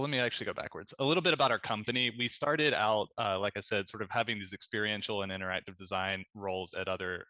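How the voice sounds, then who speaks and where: A man in his thirties giving a casual, rambling panel presentation over a video call, talking fast with lots of fillers. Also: lowish voice, pushed and bright, dry recording, lo-fi sound. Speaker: panel presenter, studio co-founder.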